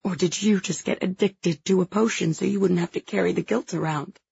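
Woman narrator doing a grieving young woman: hoarse, tearful, halting, with a gravelly edge. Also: on the low side, fairly even intonation, darkish tone, no room sound, lo-fi sound, heavily acted. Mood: bitter. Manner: halting, choked with grief. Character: grieving young woman confessing a friend's death.

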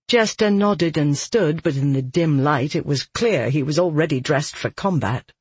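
A narrator reading a fantasy audiobook in a steady, measured way. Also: mid-range voice, husky, dry recording.

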